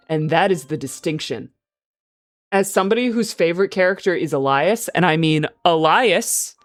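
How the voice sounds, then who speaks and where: An excitable woman streamer chatting casually with her viewers. She swears freely and breaks into laughs as she goes. Soft background music plays beneath her voice. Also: on the low side. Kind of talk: casual livestream chat.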